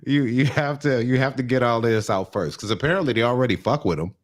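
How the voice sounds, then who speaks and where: A man's voice: mid-range voice, fast, dry recording. A man co-hosting a podcast in casual chat, laid-back and slangy, adding comments to his partner's story. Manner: laid-back, slangy, chimes in with comments and little acted lines. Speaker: podcast co-host.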